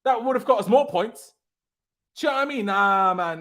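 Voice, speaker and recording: A man's voice: sits high, animated, normal speed, a bit bright. A man hosting a fan reaction live stream, ranting in outrage.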